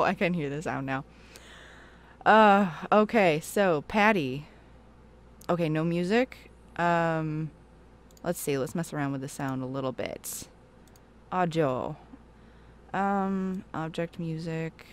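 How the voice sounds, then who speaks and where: A woman hosting a casual game livestream, chatting with viewers, giggling often and telling jokes. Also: fairly low pitch. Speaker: streamer host.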